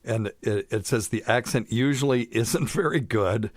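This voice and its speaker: A man's voice: mid-range voice, moderate pace, no echo, studio quality. A middle-aged man hosting a medical podcast, chatting in a jokey, rambling way. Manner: chatty, jokey, wanders off topic. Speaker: podcast host, doctor. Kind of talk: casual chat.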